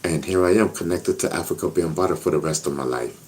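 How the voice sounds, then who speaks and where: A man with a fairly low voice speaks in a casual interview. He tells his story earnestly, in loose, looping phrases, and keeps asking whether the listener gets it. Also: quick pace, darkish tone. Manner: earnest, repeats himself, asks "you know what I mean?". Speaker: interview guest.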